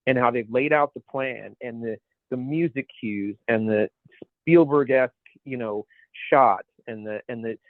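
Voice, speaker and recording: Speaking at a medium pitch, a man co-hosts a podcast in easygoing conversation, wandering off topic and hunting for words along the way. There's no room sound, just a dry, phone-like narrow recording.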